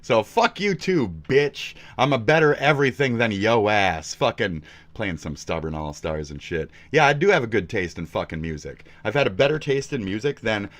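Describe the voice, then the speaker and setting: A young man ranting at his viewers in a profane, aggressive way, dropping to mutters and then shouting. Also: on the low side, lively intonation, brisk, few pauses. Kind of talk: profane rant with improvised raps.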